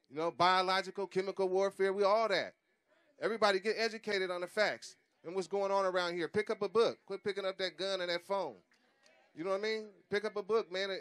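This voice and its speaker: A man's voice: on the high side, fairly bright tone, smooth. A middle-aged man speaking at an outdoor street rally in a conversational, repetitive style, often asking "you know what I mean".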